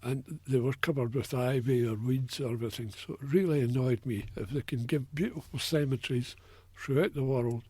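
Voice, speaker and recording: A man's voice: mid-range voice, a little fast, few pauses, a little mellow, breathy edge, no room sound. An older man with a Scottish accent, telling stories in a casual radio interview, with a chatty manner full of fillers. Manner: chatty, anecdotal, many fillers. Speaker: interview guest, local war researcher.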